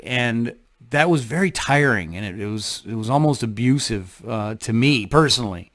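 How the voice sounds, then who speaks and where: A man talking to camera in a casual vlog, reflective and halting, often restarting his sentences. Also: mid-range voice, animated, a bit bright. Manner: halting, thoughtful, frequent restarts. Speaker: vlogger.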